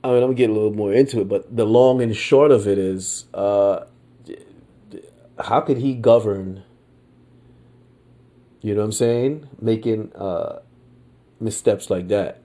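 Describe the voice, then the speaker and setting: This is a male podcast host from the United States with a lowish, dark voice. His casual monologue wanders along slowly, packed with fillers, false starts, and laid-back colloquial talk.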